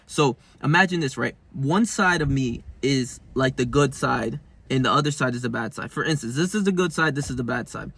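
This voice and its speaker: A man's voice: on the high side, sharp tone, husky. Slangy, swearing young man vlogging. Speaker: self-help vlogger. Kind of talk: casual vlog talk.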